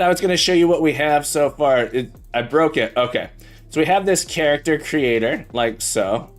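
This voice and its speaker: A man teaching programming on a live stream, chatting casually and joking as he greets viewers by name. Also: mid-range voice. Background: faint background music.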